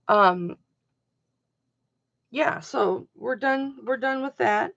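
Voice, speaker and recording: A middle-aged woman hosting a live-stream jewelry auction, chatting casually and emphatically with her viewers, her voice swinging between loud and soft. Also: on the high side, measured pace, creaky, dry recording. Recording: dull lo-fi home stream audio.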